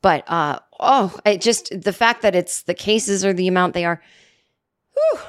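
Here a middle-aged woman with a mid-range voice hosts a comedy podcast alone, using a studio microphone. She's animated yet measured in pace, wandering sarcastically from point to point and tossing in jabs at herself.

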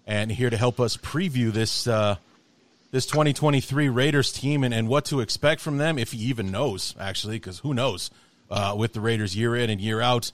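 A man's voice: medium pitch, normal speed. A man hosting a sports podcast, talking casually with lots of fillers and restarts. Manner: rambling, many fillers and restarts. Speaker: podcast host.

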